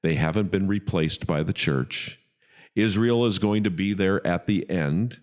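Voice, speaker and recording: A man's voice: deep voice, measured pace. A man who is a pastor and podcast host, telling stories in casual chat. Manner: storytelling, animated and laughing.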